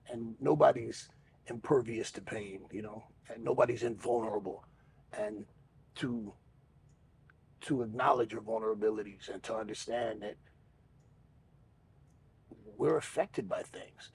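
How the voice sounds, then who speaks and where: A podcast co-host speaks in a gravelly, mid-range voice with a slightly mellow quality, over a little background noise. His chat is candid and frank, laced with profanity and a self-mocking streak.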